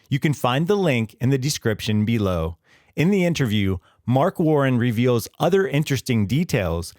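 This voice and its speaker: A man reading a scripted history explainer in a measured, explanatory way. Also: medium pitch, a little mellow, no room sound, studio quality. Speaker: history channel narrator. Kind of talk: scripted narration.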